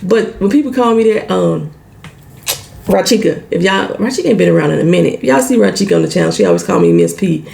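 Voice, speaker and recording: A woman's voice: fairly low pitch, expressive, fast talker, gravelly, mellow. A woman recapping a TV show in a casual, salty vlog, swearing freely and acting out the characters' lines.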